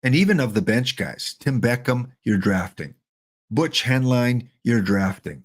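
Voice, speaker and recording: A middle-aged man giving chatty, joking live-stream commentary while playing a baseball sim, excited and wired on coffee. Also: mid-range voice, a little slow. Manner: chatty, joking, talks to chat bots.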